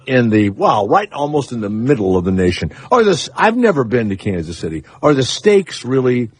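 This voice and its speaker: A man's voice: very animated, a little fast, husky, no room sound. A man hosting a radio talk show, rambling through comic stories in a sarcastic way and taking calls in a studio. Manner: rambling, sarcastic, swings up high for emphasis. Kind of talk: comic radio monologue and call-in chat. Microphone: studio microphone.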